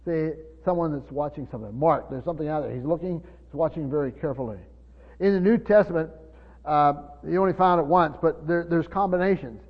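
A man's voice: fairly high pitch, a little fast. A man preaching a Bible-teaching sermon, stumbling over repeated words and asking the congregation questions. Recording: dull hall recording with reverb.

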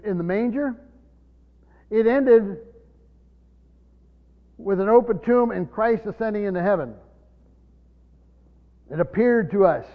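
A man preaching a Bible-teaching sermon in a teacherly way, often repeating words as he explains. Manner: teacherly, repeats words, drops low for scripture. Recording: dull recording in a long-reverb hall.

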